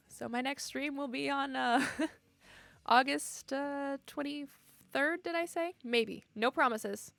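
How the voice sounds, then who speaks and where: A young woman streamer talks straight to her chat in a casual, emotional goodbye, laughing often. Her voice sits a bit high. The mic is close and dry, with faint music underneath. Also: takes it slowly, gravelly, pauses often, fairly bright tone, no echo.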